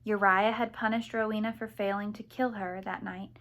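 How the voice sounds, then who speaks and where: A woman's voice: medium pitch, flat delivery, normal speed, fairly bright tone. Woman reading an audiobook aloud. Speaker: audiobook narrator. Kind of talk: audiobook narration.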